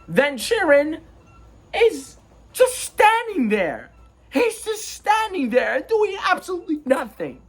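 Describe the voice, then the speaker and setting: A man's voice: very high-pitched, a bit bright. A man recaps a film in a loose, rambling way, tossing in irreverent jokes as he goes. It sounds like a casual review rather than a scripted one. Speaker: movie reviewer.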